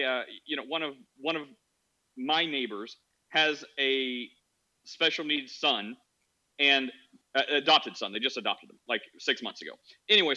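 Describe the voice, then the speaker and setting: Joking male podcast host, bright forceful voice, dry lo-fi sound, rambling storyteller. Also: mid-range voice. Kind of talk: casual chat.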